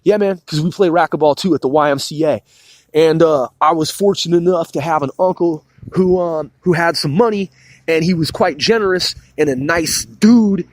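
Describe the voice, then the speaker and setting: A man in his forties with a highish voice rambles through a casual solo podcast monologue, swearing freely and sprinkling in "man" and "bro." He fills every pause with "man," and there's no room sound.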